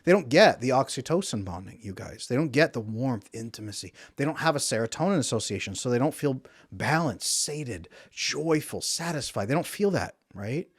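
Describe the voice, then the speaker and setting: A man's voice: mid-range voice, lively intonation, moderate pace, hardly any pauses, husky, no room sound, clean studio sound. A man working as a relationship coach, talking to camera in an emphatic, repetitive way and acting out quotes.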